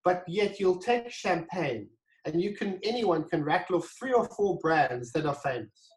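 A man telling a story as an interview guest, animated and acting out the dialogue, with frequent restarts. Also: high-pitched, moderate pace, echoey room, rough recording. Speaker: guest, wine brand founder.

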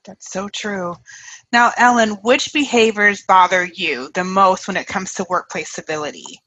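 A woman hosting an interview, asking questions in an animated, exclamatory way. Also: mid-range voice, normal speed, poor audio. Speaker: host. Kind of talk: conversational interview.

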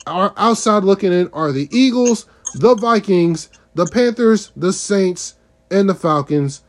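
A man with a fairly high voice co-hosts a casual sports podcast. He works through his points methodically, reading off one item after another. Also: expressive, measured pace. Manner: methodical, runs through lists step by step. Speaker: podcast co-host.

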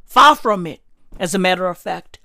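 A woman's voice: fairly low pitch, lively intonation, normal speed, gravelly, pushed and bright, dry recording, studio quality. Effusive, profane woman in her thirties. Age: 30s. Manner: profane, effusive, heavy slang. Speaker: podcast host. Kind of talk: gushing comic monologue.

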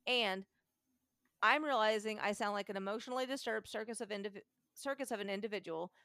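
A woman reads a long internet post aloud on her podcast. Her telling is casual and animated, with frequent laughs and sudden changes of pace. Her voice is mid-pitched and the recording is dry and close. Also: no room sound. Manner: animated, laughs often, shifts pace while reading. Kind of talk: casual dramatic reading.

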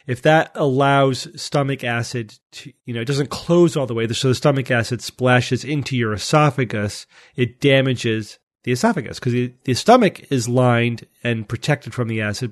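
Male podcast host, mid pitch, methodical explainer, dry close mic. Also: normal speed, hardly any pauses, no echo. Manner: explanatory, methodical, frequent restarts. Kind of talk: casual science podcast discussion.

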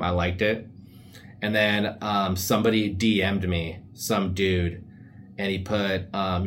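A man's voice: low-pitched, little pitch movement, takes it slowly, slight background noise. A young man hosting a casual solo podcast, rambling through laid-back stories full of slang and asides. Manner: often drops into silly put-on voices for quotes. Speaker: podcast host.

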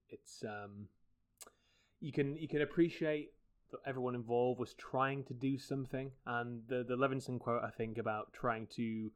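A man's voice: medium pitch, smooth. A man co-hosting a film podcast, talking animatedly with frequent stammering restarts. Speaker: podcast co-host. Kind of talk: casual film discussion.

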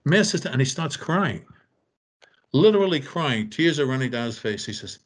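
With a mid-range voice at a normal pace, the older storyteller guest shares casual anecdotes. He acts out the voices of the characters he's quoting, in an animated way.

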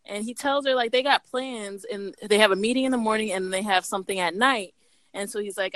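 A woman's voice: mid-range voice, fairly quick, a bit bright, no echo. A woman co-hosting a podcast, casually recapping a story and quoting the characters. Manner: chatty, quotes characters with laughs. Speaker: podcast co-host.

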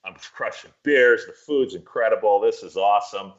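A man's voice: lowish voice, moderate pace, muffled recording, close to an everyday voice. A man voicing a starstruck young male pro golfer inside his own story, gushing. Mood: giddy.

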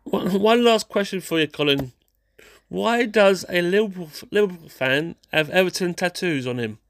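A man's voice: sits high, lively intonation, normal speed, a bit bright, no room sound, clean studio sound. A man from England, co-hosting a casual chat on a video call, asking teasing questions. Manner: chatty, teasing. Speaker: co-host.

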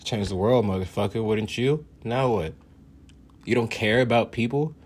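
A man's voice: lowish voice, moderate pace, darkish tone, husky. A man ranting casually for laughs, boastful and profane, laughing often. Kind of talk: casual comedic rant.

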